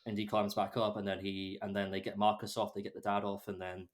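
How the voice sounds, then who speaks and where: A man's voice: on the low side, monotone, brisk. A young man hosting a podcast, chatting casually about films with many restarts and fillers. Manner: rambling, many restarts and fillers, laughs often. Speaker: podcast host. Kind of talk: casual film chat.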